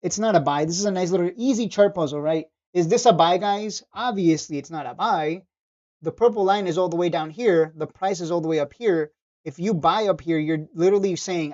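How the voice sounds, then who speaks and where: A man with a darkish, mellow tone chats loosely through a trading livestream. He is blunt and swears freely, laughing and stumbling over repeated words as he reads chat. The sound is dull and lo-fi. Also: sits high, a little fast. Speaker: stock trading streamer. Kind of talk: casual livestream commentary reading chat.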